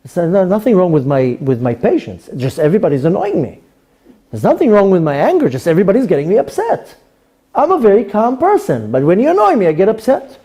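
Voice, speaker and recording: Animated rabbi with an Israeli accent. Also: male voice, high voice, fairly quick, breathy edge. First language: Hebrew. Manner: animated, acts out quoted voices of people. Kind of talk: Torah class sermon.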